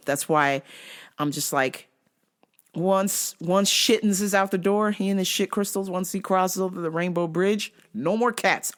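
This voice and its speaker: A woman hosting a vlog, ranting in a casual, comedic way and swearing often as she tells stories. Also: lowish voice. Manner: profane, animated storytelling with frequent swearing. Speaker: vlog host.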